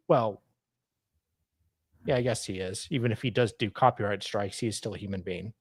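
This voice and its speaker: A man's voice: fairly low pitch, moderate pace, pauses often, breathy edge, dry recording. An Australian man co-hosting a podcast, casually chatting and reading legal documents aloud in a jokey, mock-formal way. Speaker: podcast co-host.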